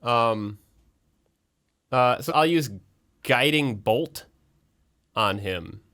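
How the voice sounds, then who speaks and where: Animated man talking through his turn. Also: mid-range voice, very slow. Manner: chatty, thinking aloud. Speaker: player. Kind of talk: casual tabletop game chat.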